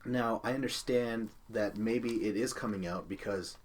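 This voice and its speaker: Low-pitched male co-host, loose and profane, chatty recap energy. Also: measured pace. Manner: candid, swears freely, laughs often. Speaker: podcast co-host. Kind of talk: casual chat recapping a reality show.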